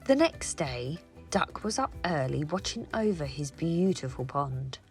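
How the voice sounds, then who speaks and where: A woman reading a children's picture book aloud in an expressive storytelling voice. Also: low voice, unhurried, gravelly, soft background music. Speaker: storybook reader.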